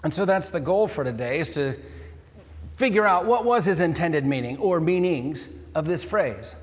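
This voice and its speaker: A man preaching a sermon in a church, his somewhat high voice carrying a long reverb from the hall. He talks in an earnest, explanatory way and works scripture quotes into the sermon. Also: expressive, normal speed. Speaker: pastor.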